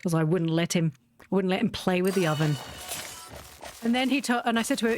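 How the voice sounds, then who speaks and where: A woman chats casually on a livestream and rambles through anecdotes. She sounds loose and talkative, speaking at an everyday pitch. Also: fairly quick, a little mellow, slight background noise. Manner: rambling, chatty storyteller. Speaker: streamer.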